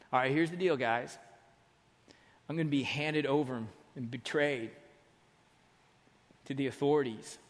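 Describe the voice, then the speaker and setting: A man preaching a sermon in a casual, animated storytelling way, acting out the voices of the people in the story. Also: on the high side. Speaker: pastor. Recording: long hall reverb.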